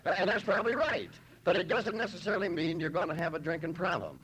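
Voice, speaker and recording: A man from Los Angeles telling his own story at a recovery meeting, wry and self-mocking, often saying "you know" and clearing his throat. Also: high-pitched, expressive, fast talker, a bit bright, a little hiss or hum, rough recording. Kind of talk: humorous personal testimony.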